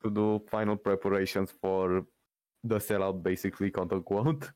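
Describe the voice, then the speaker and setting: A man playing in a tabletop game, chatting in a relaxed, explanatory way. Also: deep voice, moderate pace, no room sound. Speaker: player. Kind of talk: casual chat during a tabletop game.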